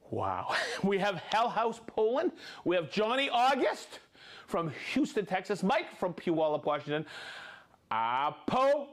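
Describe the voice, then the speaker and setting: Live stream host, male, upbeat reader of viewer shout-outs, high lively voice. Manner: upbeat, reads viewer names and places, jokes and laughs. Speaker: livestream host.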